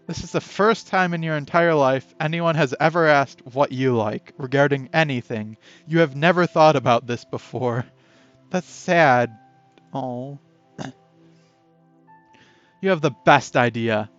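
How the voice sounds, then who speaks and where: A man's voice: a little high, a little slow, fairly bright tone. A man reading a text game aloud in a casual playthrough, chatty and breaking off to add his own comments. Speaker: game player and narrator. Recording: dull lo-fi audio with faint music.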